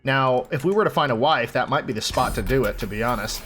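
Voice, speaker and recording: A man's voice: medium pitch, quick pace, fairly bright tone, slight background noise. A young man hosting a role-play game playthrough, reading game text aloud and commenting with chatty enthusiasm. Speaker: gaming channel host.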